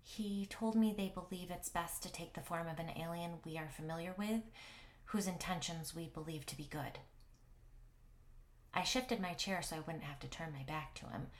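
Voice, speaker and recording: A woman tells her own paranormal encounter in a low, confiding voice. She keeps things hushed and close, often slipping into a whisper for effect. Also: normal speed. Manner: hushed, intimate telling with whispered asides. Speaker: paranormal blogger and storyteller. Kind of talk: first-person story narration.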